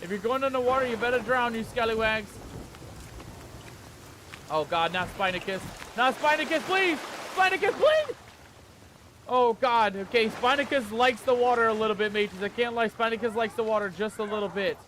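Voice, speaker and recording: A man's voice: high-pitched, brisk, noisy background. A man hosting a let's play, talking to viewers as "mateys" with pirate slang and breaking into panicky yelps when scared. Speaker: gaming channel host.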